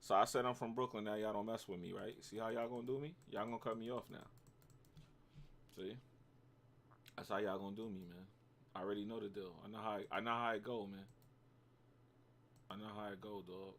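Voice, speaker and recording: A man's voice: lowish voice, steady tone, a little fast, long pauses, a bit bright, slight background noise. A man with a New York accent, hosting a casual trading livestream, bantering with his chat in slangy talk and reacting to his trades.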